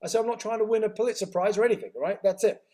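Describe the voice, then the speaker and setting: Animated man telling a story. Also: sits high. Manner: animated, acts out dialogue with quick reported speech. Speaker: interview guest. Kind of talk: storytelling in conversation.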